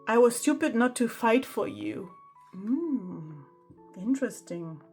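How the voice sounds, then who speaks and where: A woman's voice: a little high, sing-song, slow pace, a little mellow, husky, faint music behind. A woman giving a pick-a-card tarot reading, chatting and exclaiming over the cards as she reads them aloud. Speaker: tarot reader.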